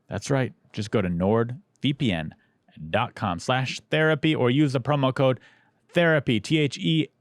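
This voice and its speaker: A man hosting a comedy podcast, teasing his guest in quick banter and doing ad reads. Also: mid-range voice, no echo, studio quality. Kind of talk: casual chat and ad read.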